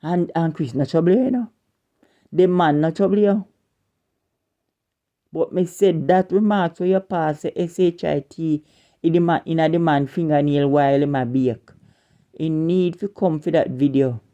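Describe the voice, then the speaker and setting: A woman's voice: sits low, mellow, lo-fi sound. A woman with a Jamaican accent delivering an indignant scolding rant as an online commentator, repeating and stumbling over her words.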